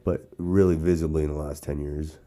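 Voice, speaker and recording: This host's voice is a rumbling low, with a level tone, a dark quality and a brisk delivery. A Canadian, he rambles through casual political talk in Sarnia, outdoors or somewhere informal, full of restarts and asides.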